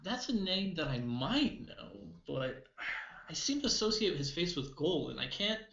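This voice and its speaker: A man's voice: fairly high pitch, unhurried, gravelly, roomy sound, dull audio, noisy background. A man playing a tabletop game, talking hesitantly and partly in character. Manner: hesitant, animated. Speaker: player.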